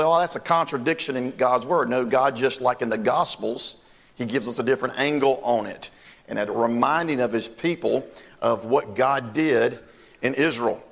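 Gravelly older pastor preaching. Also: male voice, medium pitch, a bit bright. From North Carolina, US. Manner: folksy storytelling, talks straight to the congregation. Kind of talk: sermon.

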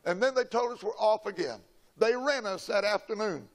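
An older preacher tells his story from the pulpit in a folksy, dramatic way. His voice sits high for a man. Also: moderate pace. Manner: folksy, dramatic storytelling, shouting quoted lines. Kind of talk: sermon with a personal story.

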